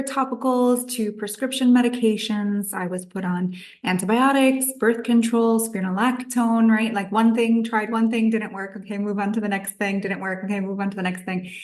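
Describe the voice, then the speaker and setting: A nutritionist in her thirties, guesting on a podcast, tells her own story in a chatty way. Her voice is mid-range, and she acts out the thoughts she used to have.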